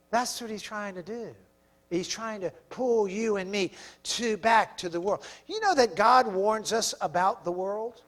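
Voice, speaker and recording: A man's voice: high-pitched, measured pace, a bit bright. A male pastor preaching a sermon in a fervent, emphatic way.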